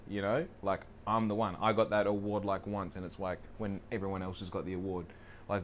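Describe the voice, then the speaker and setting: A man's voice: fairly low pitch, fairly even intonation, fast talker, a little hiss or hum. A young man talking casually in a rambling, profane, self-deprecating way. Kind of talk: casual monologue.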